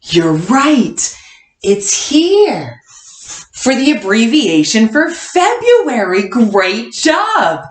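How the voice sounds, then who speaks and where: A woman teaching a kindergarten class online, coaxing answers with slow, sing-song hints. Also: a little high, big pitch swings. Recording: echoey room.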